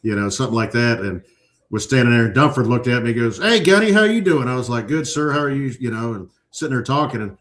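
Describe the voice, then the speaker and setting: A man's voice: mid-range voice, quick pace. A man, a Marine veteran, telling swear-laden stories in casual chat. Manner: profane, animated storyteller.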